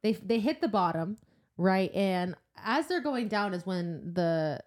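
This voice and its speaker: A woman co-hosting a casual book-club podcast, recapping chapters with lively energy. She talks loosely and freely, swears now and then, and drops into quick voices for the characters. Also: mid-range voice. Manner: animated retelling, swearing, putting on character voices. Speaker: podcast co-host.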